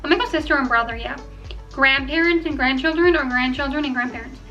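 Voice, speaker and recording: A young woman chatting casually to camera at home, rambling and filling pauses with ums as she weighs each choice. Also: high voice, pushed and bright, muffled recording, faint music behind. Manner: chatty, rambling, filler-heavy. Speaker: vlogger. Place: home room.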